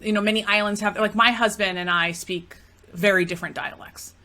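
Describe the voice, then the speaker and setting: A Greek woman who hosts a podcast and works as a matchmaker speaks fairly quickly in a mid-range, steady, pushed and bright voice. She's a chatty storyteller, peppering casual conversation with "like" and "you know."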